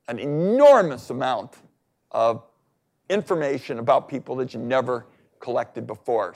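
A man's voice: mid-range voice, creaky. A man speaking as a senator on a public panel, talking in an emphatic, insistent way. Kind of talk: panel discussion.

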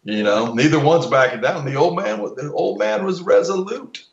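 A man's voice: on the high side, moderate pace, gravelly, echoey room, dull audio. A man in casual podcast talk, blunt and opinionated, swearing freely and restarting his sentences.

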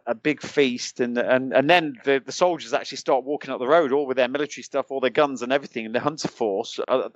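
A British man recounts his old soldiering days as a podcast guest, casual and animated, breaking into chuckles and stopping to restart his sentences. His voice sits at an ordinary pitch. The recording is dry and a little muffled. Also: no echo. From United Kingdom. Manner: animated anecdotes, chuckles often, many restarts. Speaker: podcast guest, former special forces soldier. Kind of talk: casual storytelling.

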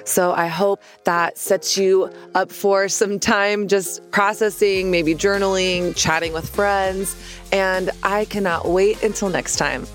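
A woman from Texas, a podcast host, closing the episode with a warm, reflective, gently questioning talk. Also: mid-range voice, fairly even intonation, slow pace, faint music behind.

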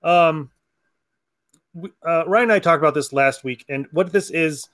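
A man's voice: on the high side, unhurried, fairly bright tone. A man hosting a comic book podcast, chatting casually, laughing often and acting out lines from comics. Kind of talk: casual chat.

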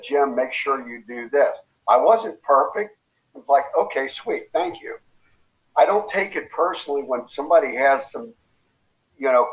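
A man speaking as a coaching guest in casual motivational talk. He tells his stories with animation and acts out quotes with big jumps in pitch. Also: low-quality recording.

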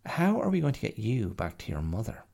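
A man's voice: fairly low pitch, huge pitch swings, brisk, creaky, mellow, pitched above the performer's own voice, heavily acted. A man voicing a proud, fussy little male bear in a storybook reading, speaking in a prim, matter-of-fact way.

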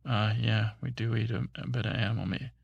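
A man voicing a mellow, mumbling superhero in a sleepy bedtime story. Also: steady tone, a little fast, gravelly, husky, no room sound, lo-fi sound, heavily acted. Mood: flat. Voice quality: mumbling, low-key.

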